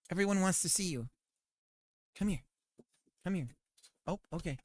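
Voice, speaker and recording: A man's voice: high voice, normal speed, long pauses, dry recording, studio quality. A man chatting casually and playfully to his live-stream audience, rambling as he goes. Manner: rambling and playful, talking to chat while eating.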